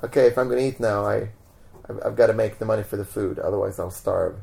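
A man's voice: lowish voice, fast talker, creaky. A man from Sweden with a Swedish accent, a guest in a casual interview, telling stories at an easy pace with many "like"s and restarts. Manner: relaxed storytelling with repeated "like" and restarts. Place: home.

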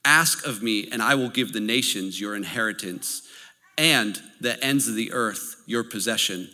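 A man preaching a sermon as a pastor. He tells stories in a lively way and keeps checking in with his listeners. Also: lowish voice, moderate pace. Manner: lively storytelling, checks in with the audience. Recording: long hall reverb.

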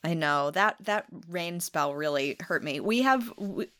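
A woman in her thirties from New England, co-hosting a podcast in casual chat, upbeat and quick to laugh. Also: lowish voice, animated. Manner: upbeat, warm-voiced hosting, laughs often. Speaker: podcast co-host.

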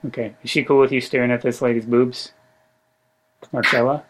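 A man's voice: medium pitch, little pitch movement, brisk. A man hosting a podcast, making dry, teasing jokes in casual chat. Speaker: podcast host.

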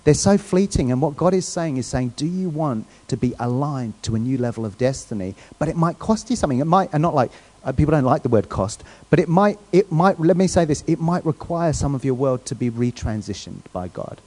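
A man preaching a sermon in a church in a relaxed, conversational way, often checking in with the congregation. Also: on the high side, fairly quick. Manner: conversational, asks the crowd questions, restarts often. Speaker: guest preacher.

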